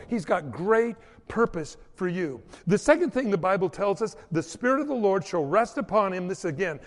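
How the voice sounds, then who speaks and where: A man's voice: sits high, in a large hall. A man preaching a sermon, telling stories with quoted voices and asides. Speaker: pastor.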